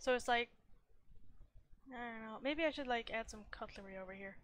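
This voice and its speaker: A woman's voice: fairly high pitch, a little fast, fairly bright tone. A woman artist chatting casually while she draws on a live stream, rambling and playful, talking to herself and laughing often. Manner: chatty and rambling, talks to herself, full of "like" fillers. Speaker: artist streaming her drawing.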